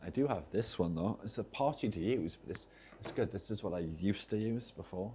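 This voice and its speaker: This streamer speaks briskly in a very low, soft, mellow voice while repairing controllers and soldering on a casual livestream. He rambles at his workbench, trailing off and restarting his thoughts, over a faint hiss.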